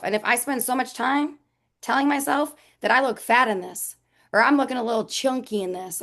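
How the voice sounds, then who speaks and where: A young adult woman chatting casually in a webinar, telling stories animatedly and mimicking voices, heard over a video call. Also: fairly high pitch. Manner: animated storyteller, mimics her mom.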